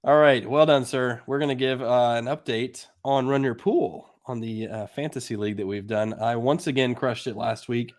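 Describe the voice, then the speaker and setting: A man's voice: mid-range voice, steady tone, normal speed, few pauses. A man co-hosting a casual podcast, quizzing and teasing his co-host in an upbeat way. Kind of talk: casual chat.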